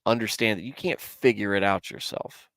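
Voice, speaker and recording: A man's voice: on the low side, normal speed, fairly bright tone, no room sound, clean studio sound. A man in his forties hosting a casual Bible commentary livestream, self-deprecating and candid as he answers his chat. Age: 40s. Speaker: host of a Bible commentary show.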